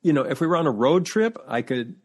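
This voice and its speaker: Man telling lively stories as a podcast guest. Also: a little high, fast, breathy edge. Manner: animated storyteller, full of family anecdotes; restarts sentences while searching for words. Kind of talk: casual interview chat.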